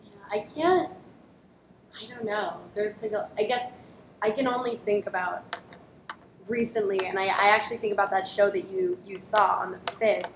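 A woman who performs improv, telling stories in a casual interview, animated and swearing freely. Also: normal speed. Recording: echoey room with faint rumble.

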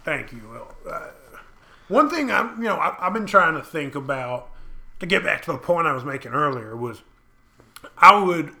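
A man's voice: fairly high pitch, big pitch swings, normal speed, vocal fry, sharp tone. A man hosting an improvised comedy chat, speaking earnestly and hesitantly with many filler sounds. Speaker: host.

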